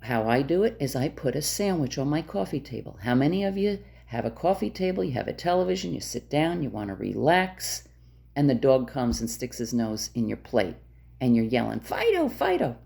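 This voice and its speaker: Low gravelly-voiced woman dog trainer. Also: expressive, fairly quick, dark tone. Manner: direct, emphatic, repeats key points. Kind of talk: instructional talk to camera.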